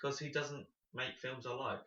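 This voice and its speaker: A man in casual podcast chat who talks bluntly and dryly with casual swearing. His voice is bright, and it sounds roomy and dull, as if recorded lo-fi in an echoing room. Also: mid-range voice, steady tone, moderate pace. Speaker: podcast co-host.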